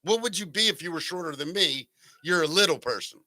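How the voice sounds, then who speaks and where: Bright-voiced man rambling a story. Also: a little high, expressive, brisk, no room sound. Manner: rambling, self-correcting, jokey. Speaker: podcast host. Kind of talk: casual storytelling monologue.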